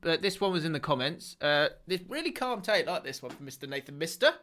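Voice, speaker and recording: A man's voice: a little high, very animated, a little fast, bright, forceful tone. Laughing football podcast man. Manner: laughs a lot while reading out listener messages. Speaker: podcast co-host. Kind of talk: casual football podcast chat.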